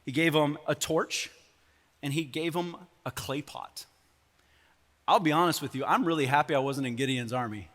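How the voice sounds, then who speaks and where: A man's voice: fairly high pitch, normal speed, a bit bright. A man preaching a sermon as pastor, telling the story with sarcastic humor in a church. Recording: long church hall reverb.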